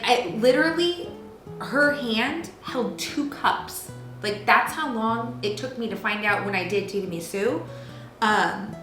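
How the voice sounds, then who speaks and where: A woman's voice: medium pitch, fairly bright tone. A woman in her thirties hosting a cooking show from her kitchen, chatting playfully and telling stories with lots of fillers. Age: 30s. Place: home kitchen. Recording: roomy kitchen with music behind.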